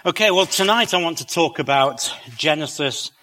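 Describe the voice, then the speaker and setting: A man's voice: fairly high pitch, expressive, moderate pace, sharp tone, long reverb tail. A middle-aged man with a British accent and a slight lisp, giving a chatty talk to an audience with wry asides and many fillers. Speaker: creationist speaker.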